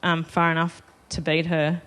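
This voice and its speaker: This festival panel speaker has a low, level, slightly bright voice at a moderate pace. Chatty and self-deprecating, she tells the live audience a personal story and laughs between lines.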